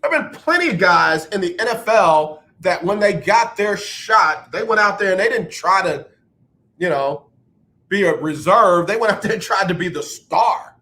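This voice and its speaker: Radio host guy, high bright voice, rambly sports rant, laughs at his own mistakes. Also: moderate pace. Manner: animated, rambling, self-mocking. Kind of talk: sports talk radio monologue.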